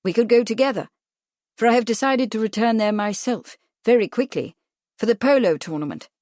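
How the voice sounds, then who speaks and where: Woman voicing a pompous young gentleman, insistent, commanding, higher and louder, storybook. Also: brisk, no room sound, clean studio sound, natural voice. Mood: persuasive.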